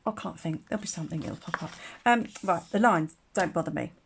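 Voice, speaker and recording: A woman's voice: lowish voice, brisk, vocal fry, background noise. A woman teaching a casual live craft demonstration, chatty and rambling, laughing often. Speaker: craft tutor.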